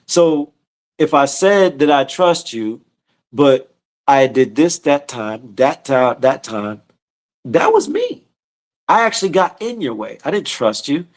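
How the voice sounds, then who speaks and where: A man's voice: mid-range voice, animated, measured pace. A man teaching scripture in a casual, slangy sermon style, often repeating and restarting his words. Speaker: teacher leading a scripture study.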